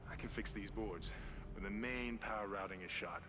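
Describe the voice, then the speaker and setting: A man's voice: on the low side, normal speed, lightly acted. An actor playing a tense male ship engineer giving urgent technical orders in a video game. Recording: noisy game audio.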